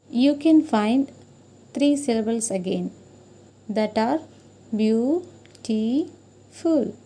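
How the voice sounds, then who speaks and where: Lady teacher, talks real slow, mellow kinda voice, drags out words syllable by syllable. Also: fairly high pitch. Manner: addresses viewers as friends, spells out and syllabifies words slowly. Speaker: English teacher. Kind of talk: slow explanatory lesson.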